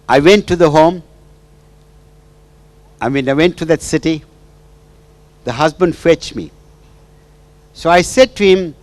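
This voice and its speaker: Slow, high-voiced male marriage counsellor. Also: dry recording. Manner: checks in with the audience through repeated "right?" and "hmm?", with sing-song asides. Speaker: marriage counsellor giving a talk. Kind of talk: storytelling lecture.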